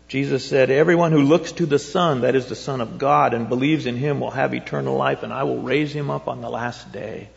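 A man's voice: medium pitch, steady tone, brisk, creaky, hardly any pauses. A male pastor giving a conversational sermon, reading scripture aloud and posing rhetorical questions in a rambling way. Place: church sanctuary. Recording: dull, echoey church recording.

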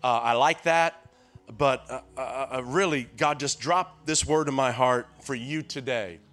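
A man's voice: mid-range voice, unhurried. A man in his sixties with a Tennessee accent, preaching a sermon as a guest preacher, telling folksy stories and calling out to the crowd. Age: 60s. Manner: lively call-and-response, keeps urging the crowd on; folksy storytelling with frequent restarts.

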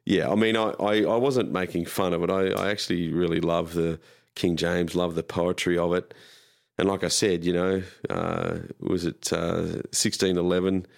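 A man's voice: sits low, level tone, normal speed, creaky. An Australian man, a pastor, chatting as a guest in a rambling, self-deprecating way. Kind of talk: casual conversation.

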